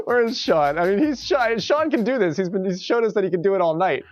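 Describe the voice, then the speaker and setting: A man streaming an online golf game live, commenting excitedly, laughing often, swearing and scolding himself over his shots. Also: high voice, lo-fi sound, faint music behind. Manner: excitable, swearing, quick to laugh and self-critical.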